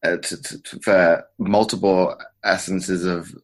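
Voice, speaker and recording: Man, podcast host, very low voice, hesitant, restarts often. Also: steady tone. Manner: halting, many restarts and repeated words. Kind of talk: conversational interview.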